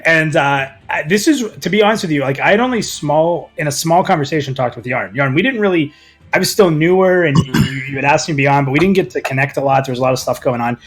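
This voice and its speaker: A man with a fairly high voice that swoops up and down through his sentences. He tells stories in a casual group chat, and laughter keeps breaking into his words. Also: quick pace, soft background music. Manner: animated storyteller, laughs often mid-sentence. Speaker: show regular telling a story.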